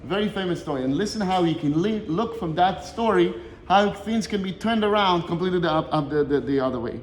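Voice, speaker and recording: Animated Torah teacher in an echoey room. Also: male voice, high-pitched, a little fast, slight background noise. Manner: animated storytelling, switches between Hebrew quotes and English explanation. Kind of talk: short Torah lesson retelling a Talmud story.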